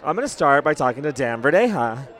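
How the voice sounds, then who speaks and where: A man's voice: mid-range voice, big pitch swings, fast, fairly bright tone, a faint crowd. A man hosting a casual after-show podcast, talking with enthusiasm and sounding a little sick, recorded outdoors in a city. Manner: enthusiastic, chatty. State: sick, cold. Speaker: podcast host.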